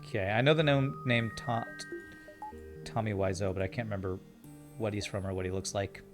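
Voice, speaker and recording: A man's voice: on the low side, steady tone, fairly quick, over music. Cheery mock-polite male game streamer. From Canada. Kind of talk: live game commentary reading chat.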